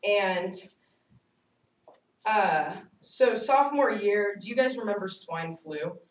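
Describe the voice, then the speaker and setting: A young adult woman giving a personal storytelling speech to a class, animated and self-mocking as she tells her stories. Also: medium pitch, slow. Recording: echoey room, distant mic, faint hiss.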